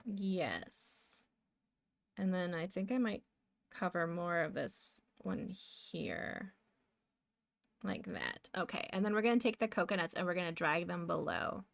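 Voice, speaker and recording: A woman's voice: on the low side, lively intonation, a little slow, vocal fry. A woman from Canada, chatting casually with viewers while drawing, giggly and talking to herself as she works. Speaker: streamer.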